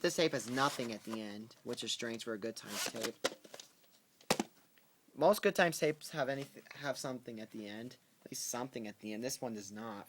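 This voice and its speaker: A man casually going through his tape collection on camera, talking in halting bursts with ums and restarts. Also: mid-range voice, a bit bright. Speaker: VHS tape collector vlogger. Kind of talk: casual spoken video commentary. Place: at home with a pet in the room. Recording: noisy home recording with clicks.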